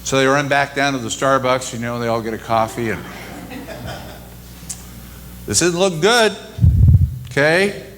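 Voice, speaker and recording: A man's voice: medium pitch, steady tone, fairly quick, sharp tone, slight background noise. A man preaching a sermon and retelling scripture in a casual, storytelling way. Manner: conversational storytelling. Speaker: pastor.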